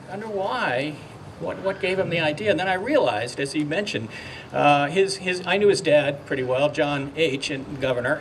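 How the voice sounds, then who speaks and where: An older man giving a ceremonial speech outdoors, halting and heartfelt, with many fillers and restarts. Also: on the high side, a bit bright, a little hiss or hum. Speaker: speaker at a memorial dedication. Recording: distant mic, faint outdoor ambience.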